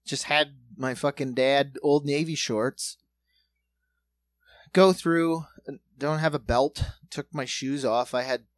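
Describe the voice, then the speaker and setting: A man's voice: mid-range voice, fairly even intonation, takes it slowly, no room sound. A man in his thirties telling comedic travel stories in casual, profane chat, acting out other people's lines. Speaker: podcast co-host.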